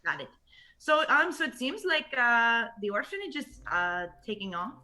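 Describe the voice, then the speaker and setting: A woman's voice: on the high side, very animated, moderate pace, pushed and bright. A woman playing a character at a tabletop game, chatty and rambling, with lots of fillers. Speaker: player.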